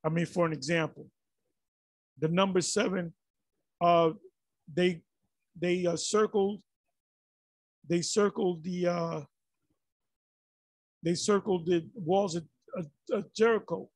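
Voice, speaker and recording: A man's voice: high voice, steady tone, takes it slowly, long pauses, no echo. A man giving rambling, exasperated commentary on a religious video, full of restarts and fillers.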